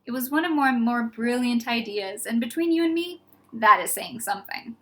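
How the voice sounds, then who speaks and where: A woman's voice: a little high, moderate pace, sharp tone. A woman doing Dumbledore, a dreamy old wizard headmaster. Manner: dreamy, playful.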